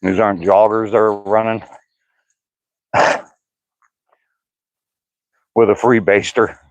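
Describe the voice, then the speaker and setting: An older man vlogger with a fairly low voice speaks slowly and flatly as he walks an outdoor trail during a casual live stream. He jokes and laughs while reading live chat comments aloud; the audio is poor, with no room sound.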